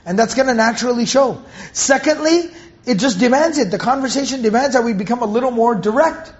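Guy with a really high voice teaching quran tafsir, asks lots of questions, muffled lo-fi sound. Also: fairly quick. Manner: explains word by word with rhetorical questions. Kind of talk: Quran commentary lecture. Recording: dull lo-fi recording.

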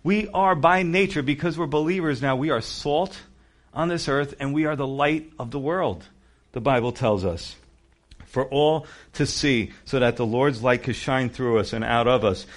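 A man's voice: mid-range voice, normal speed. A man preaching a sermon in a conversational way, acting out quoted voices as he goes. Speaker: pastor.

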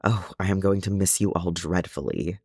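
A man voicing a fretful, tearful male hobbit gentleman who talks in a fussy, flustered, prim way. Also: low-pitched, normal speed, gravelly, husky, dry recording, studio quality, heavily acted.

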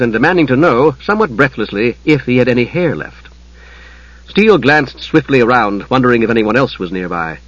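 A man reads a fantasy audiobook in a measured, dramatic way, his voice husky at a middling pitch. The recording is dry and close, with a slightly dull, muffled top end. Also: fairly bright tone, dry recording. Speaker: audiobook narrator. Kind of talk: scripted fantasy narration.

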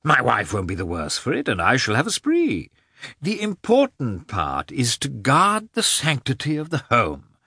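A man's voice: mid-range voice, wildly swooping pitch, unhurried, pushed and bright, slightly rough, dry recording, studio quality, pitched above the performer's own voice, heavily acted. A man voicing a worldly, jovial middle-aged nobleman who talks in a breezy, persuasive, lecturing way.

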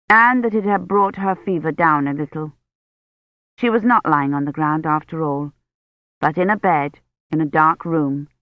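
A woman reading an audiobook in a measured, even storytelling manner. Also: lowish voice, dry recording. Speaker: audiobook narrator. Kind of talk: scripted narration. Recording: dull, slightly muffled studio audio.

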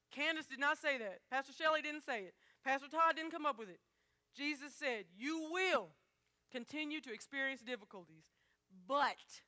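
A woman's voice: high voice, pushed and bright. A woman preaching a sermon, talking straight to her congregation in an emphatic, conversational way.

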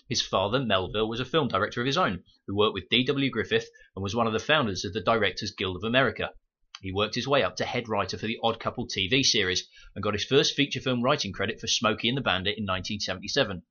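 A British man hosts a film podcast, reading scripted review notes and adding wry, sarcastic asides. His voice is lowish, bright and forceful, and he talks fast. The home microphone sounds muffled.

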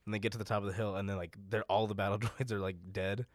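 A man casually recapping a show as podcast co-host, rambling with lots of laughter and quick silly voices. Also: fairly low pitch, steady tone, dry recording, studio quality.

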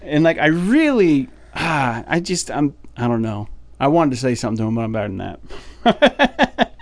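A man co-hosting a podcast, telling a story in a casual, animated way and sounding fed up. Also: mid-range voice, fairly quick, no room sound. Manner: animated, exasperated storytelling with many fillers. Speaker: podcast co-host.

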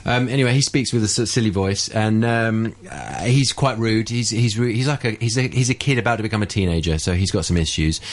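A man's voice: on the low side, animated, brisk, few pauses. A man guesting on a radio show as a ventriloquist, explaining and demonstrating his technique in casual chat.

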